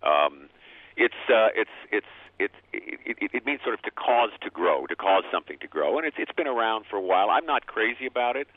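Deep-voiced male linguist guest, stammering restarts, thin phone-line sound, dry. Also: lively intonation, dry recording. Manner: halting, repeats words often. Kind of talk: radio call-in conversation.

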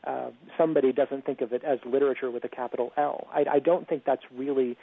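A man's voice: medium pitch, steady tone, fast talker, creaky, breathy edge, no room sound. Male guest on a tinny phone line. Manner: thoughtful, earnest, repeats words when starting. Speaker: author guest. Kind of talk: radio interview.

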